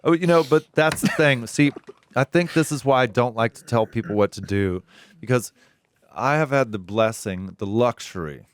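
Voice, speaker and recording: A man's voice: medium pitch, moderate pace, clean tone. A middle-aged man, a musician guest in a studio interview, telling laughing anecdotes and acting out quoted voices. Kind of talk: casual storytelling interview. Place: recording studio.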